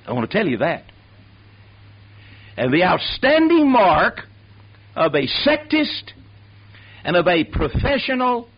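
A man's voice: high-pitched, breathy edge. A man preaching a sermon who calls on the congregation to answer him aloud. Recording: dull lo-fi sermon tape.

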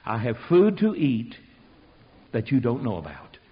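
A man preaching an animated sermon, telling the story in a folksy way and swinging from loud to hushed. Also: mid-range voice, measured pace. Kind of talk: animated sermon with acted-out voices. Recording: dull lo-fi sermon recording.

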